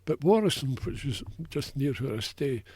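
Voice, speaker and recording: Older Scottish man, husky voice, anecdotal and chatty, dry close sound, interview guest. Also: mid-range voice, very animated, moderate pace, dark tone, dry recording. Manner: chatty, anecdotal, many fillers. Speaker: interview guest, local war researcher. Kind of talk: casual radio interview.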